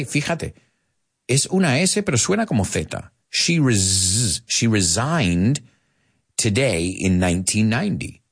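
An American man teaching English in a live online lesson, chatty and animated, dropping in Spanish asides. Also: medium pitch.

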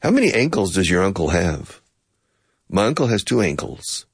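A man's voice: very animated, moderate pace, gravelly, husky, dry recording, clean studio sound. A man giving a playful English lesson, acting out both sides of a conversation and explaining phrases with bits of Spanish. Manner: acts out both sides of a conversation, switching pitch. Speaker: English teacher.

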